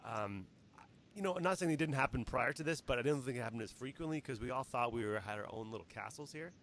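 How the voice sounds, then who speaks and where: A Canadian man hosting a casual livestream interview, talking in quick, rambling, earnest bursts. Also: medium pitch, expressive, fairly bright tone, slight background noise. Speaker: host.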